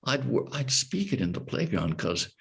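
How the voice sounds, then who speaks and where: A man in his sixties from Hawaii, an actor telling anecdotes in an interview, lively and full of restarts. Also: mid-range voice, normal speed, gravelly. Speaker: actor, guest. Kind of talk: casual interview storytelling.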